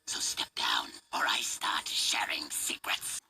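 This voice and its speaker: An actor voicing a sly, scheming male goblin villain in a cartoon, with a croaky, raspy throat and a low hissing whisper. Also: takes it slowly, bright, forceful tone. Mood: sinister. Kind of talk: cartoon voice acting.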